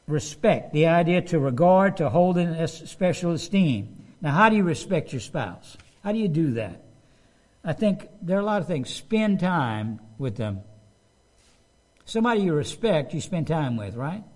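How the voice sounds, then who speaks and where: A man's voice: a little high, darkish tone. A middle-aged man preaching a sermon, talking conversationally and putting questions to his listeners. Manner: conversational, asks the congregation questions.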